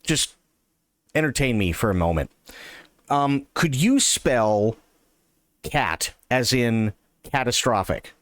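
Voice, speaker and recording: Dude doing a polite grocery clerk getting fed up in a joke, mid-pitch, dry sound. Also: male voice, lively intonation, slow pace, pauses often, dry recording. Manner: politely exasperated. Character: patient male grocery clerk, adult. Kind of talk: joke telling.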